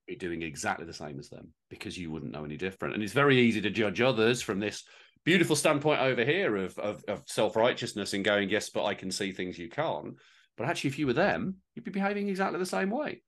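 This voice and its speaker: A man's voice: lowish voice, very animated, fast talker, a bit bright. A man co-hosting a podcast, reflecting in casual chat with restarts and wry asides. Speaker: podcast co-host.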